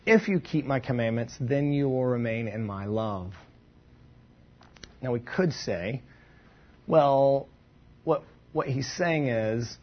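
A man with a slightly husky voice teaches from the Bible in a relaxed, conversational way. He thinks aloud and circles back with asides and restarts. The recording sounds dull and muffled. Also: medium pitch. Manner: thoughtful, informal, with asides and restarts.

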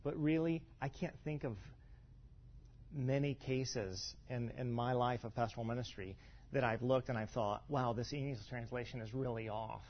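A pastor teaching a congregation in a loose, conversational way, full of fillers, restarts and rhetorical asides. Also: male voice, medium pitch, steady tone, normal speed. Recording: dull lo-fi sound.

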